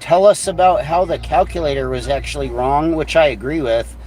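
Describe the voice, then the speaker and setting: A man's voice: on the high side, normal speed, darkish tone, low-quality recording. A man vlogging in a heated, rambling rant, swearing constantly and full of fillers. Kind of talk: casual profane rant.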